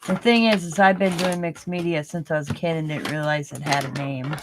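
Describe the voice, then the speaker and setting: A woman's voice: low voice, fairly even intonation, fairly quick, background noise. Giggly woman chatting while she crafts. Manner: rambling, repeats herself, light stutter; giggly, laughs often. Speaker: craft channel host. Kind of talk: casual chat while crafting.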